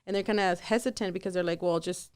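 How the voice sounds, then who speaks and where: A woman's voice: on the low side, steady tone, quick pace, darkish tone, clear, resonant tone. A woman, managing a car-buying team, talking casually in a podcast interview, chatty with lots of fillers. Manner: chatty, laughs often, many fillers. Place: podcast studio.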